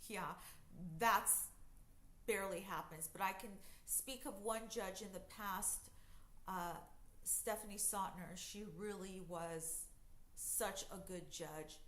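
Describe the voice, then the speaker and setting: A woman's voice: medium pitch, takes it slowly, a bit bright. A woman telling her own story in a casual storytime vlog, conversational with many fillers and emphatic bursts. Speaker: vlogger recounting jail experiences. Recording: echoey room.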